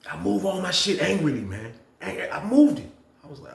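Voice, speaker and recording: Man, casual storytime, animated, swears freely, slightly higher voice, echoey room. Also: brisk, gravelly. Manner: animated, profane, addresses viewers as y'all. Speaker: storytelling channel host. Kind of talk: casual storytime about prison.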